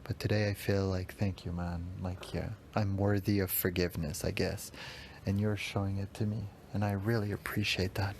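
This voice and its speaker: A man's voice: low-pitched, level tone, normal speed, a little mellow, a little hiss or hum. A man hosting a podcast, reflecting aloud in a rambling, heartfelt way and often addressing himself. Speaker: podcast host. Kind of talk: emotional spoken reflection.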